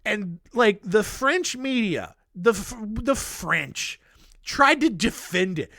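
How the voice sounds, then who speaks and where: A man's voice: high-pitched, animated, takes it slowly, pushed and bright, no room sound, studio quality. A man hosting a podcast, recapping true-crime stories in a casual, blunt, jokey way. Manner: irreverent, blunt, jokey asides. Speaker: podcast host.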